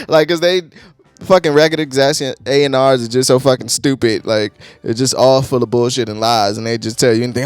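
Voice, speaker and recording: A man casually reviewing an album, profane and quick to laugh, with excitable bursts. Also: mid-range voice, clean tone, no room sound. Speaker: album reviewer, channel host. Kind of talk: casual music review talk.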